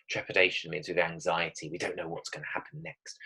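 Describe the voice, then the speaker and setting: A man's voice: deep voice, very animated, a little fast, gravelly, few pauses, bright, forceful tone, husky, rough recording. A male teacher giving a recorded writing lesson, talking emphatically, often checking in with "okay?" and reading example sentences dramatically.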